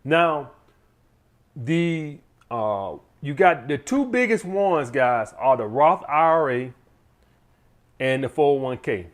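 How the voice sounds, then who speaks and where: A blunt man talks straight to his viewers in a casual, profane advice monologue, checking in with them again and again. His voice sits a little higher than most men's. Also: big pitch swings, takes it slowly. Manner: blunt, profane, keeps addressing the audience as guys. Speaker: channel host giving money advice.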